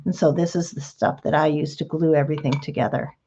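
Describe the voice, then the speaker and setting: A woman's voice: deep voice, fairly even intonation, brisk, warm tone, slightly rough, muffled recording. A woman hosting a craft tutorial, talking patiently and chattily through each step while she works with her hands. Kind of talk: relaxed step-by-step craft demonstration.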